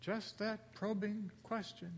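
Male pastor, slow deliberate sermon, fairly high voice, long hall reverb. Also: level tone, slight background noise. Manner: slow, deliberate storytelling with acted-out quotes.

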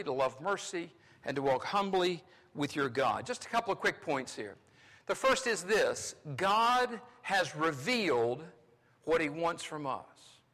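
Man preaching in a big church, high bright voice, long echo off the hall, gets loud then goes quiet. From North Carolina. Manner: animated preaching, swings between loud and hushed. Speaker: pastor. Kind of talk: sermon. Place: large church sanctuary.

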